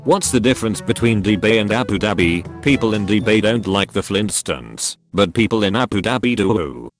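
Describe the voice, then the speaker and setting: Male narrator, low and lively, deadpan joke reading, faint music underneath. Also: normal speed. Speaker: narrator reading Reddit posts. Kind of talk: scripted narration of jokes.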